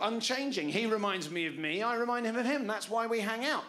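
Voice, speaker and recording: A man's voice: sits high, brisk, few pauses, background noise. A man in his forties doing a stand-up comedy set on a club stage, wry and self-mocking, talking back to the audience. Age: 40s.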